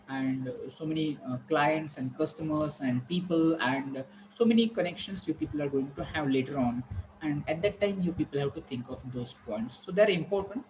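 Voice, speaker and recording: A man's voice: fairly high pitch, slight background noise, rough recording. A man teaching a pronunciation lesson, drilling words and asking the class rhetorical questions.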